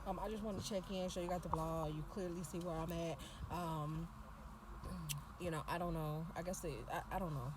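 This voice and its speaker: A woman's voice: fairly low pitch, steady tone, normal speed, noisy background. A woman vlogging casually and venting her frustration with lots of swearing. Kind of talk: casual vlog check-in. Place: tire shop, then hotel.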